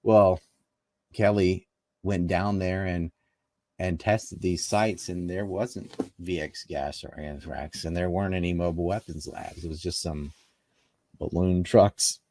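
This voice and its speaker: A man from North Carolina, USA, appears as an interview guest in a casual political conversation, arguing his points emphatically and scoffing. His voice sits low and dark, with fairly even intonation and an unhurried pace.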